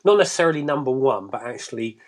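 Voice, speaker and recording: A man's voice: mid-range voice, animated, quick pace. A man joining a live online show as a guest by phone, talking in a rambling, chatty way with many restarts. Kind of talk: casual chat on a live show.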